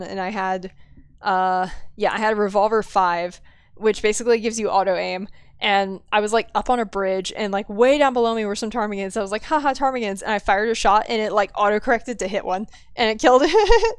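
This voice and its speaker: Southern gal streaming a game, talks chat, laughs lots, says like a ton, smooth clean voice. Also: female voice, mid-range voice, dry recording. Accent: Southern US, mostly suppressed. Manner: chatty, giggly, answers chat, many "like" fillers. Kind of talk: casual gameplay chat with viewers.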